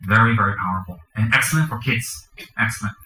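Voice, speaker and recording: A man's voice: lowish voice, expressive, quick pace, sharp tone, roomy sound, poor audio. A man, a Buddhist teacher, giving a dharma teaching to a group, chanting mantras and explaining the practice with joking asides.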